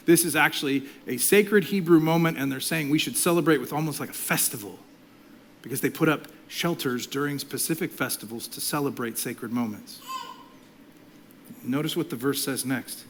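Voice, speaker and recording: Impassioned male pastor, fairly high voice. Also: moderate pace. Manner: impassioned, swings from loud to hushed whispers. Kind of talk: sermon.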